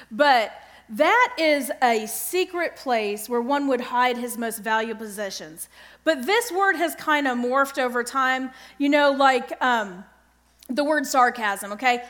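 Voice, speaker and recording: Middle-aged lady teaching a bible lesson, high voice, earnest, keeps asking okay?. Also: a bit bright.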